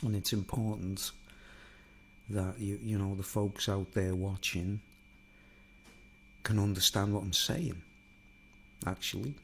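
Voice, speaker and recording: A man with a Liverpool accent chatting casually to viewers from a home studio in a block of flats, rambling and self-mocking on a studio microphone. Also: on the low side, slow pace, pauses often, a little hiss or hum. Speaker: YouTuber. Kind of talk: casual chat to camera. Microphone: studio microphone, then a recorder's built-in mics.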